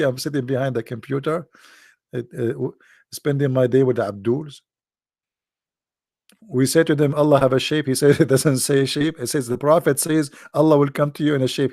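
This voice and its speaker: Hoarse gravelly man chatting on a livestream. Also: on the high side, a little mellow, no echo, clean studio sound. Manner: teasing, laughs often, answers viewer questions. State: hoarse, voice strained and coughing. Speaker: livestream host answering chat. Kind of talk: casual livestream chat. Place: at home behind a computer.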